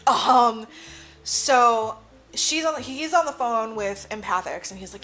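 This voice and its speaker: A woman's voice: a little high, unhurried, fairly bright tone, soft background music. A woman co-hosting a podcast, casually recapping a movie plot, swearing freely and acting out the characters' lines. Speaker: podcast co-host.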